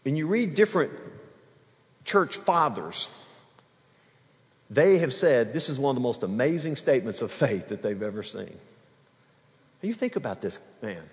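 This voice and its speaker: A man preaching a sermon in an animated way, acting out the quoted lines and bantering with the congregation. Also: medium pitch, normal speed, long pauses, in a large hall. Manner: animated preaching, acts out quoted speech, laughs with the crowd. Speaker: pastor.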